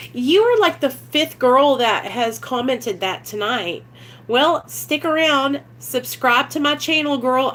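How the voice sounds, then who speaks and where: A young woman who vlogs about recovery talks candidly and earnestly, rambling and relying heavily on filler words in a confessional style. Her medium-pitched voice is bright and forceful, with a faint hiss or hum in the recording.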